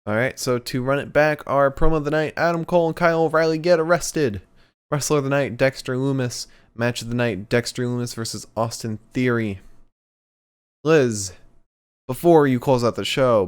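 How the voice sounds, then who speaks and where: Young guy podcast cohost, smooth clear voice, chill and jokey. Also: medium pitch, moderate pace. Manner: laid-back, jokey sign-off patter. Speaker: podcast co-host. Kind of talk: casual chat.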